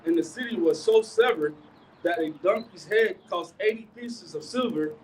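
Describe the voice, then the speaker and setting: A man's voice: high voice, darkish tone. Man reading scripture from a distance. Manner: reads haltingly with fillers, adds "man, all right?". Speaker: scripture reader and preacher. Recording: distant mic with faint outdoor noise.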